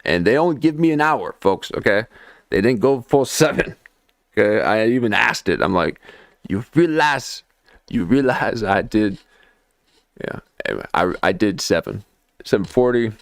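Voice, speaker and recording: A man's voice: lowish voice, animated, unhurried, gravelly, no echo, studio quality. A man hosting a livestream in casual rambling talk, playful, with sudden sing-song jumps and constant "okay?" tags. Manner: laughs often. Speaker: livestream host.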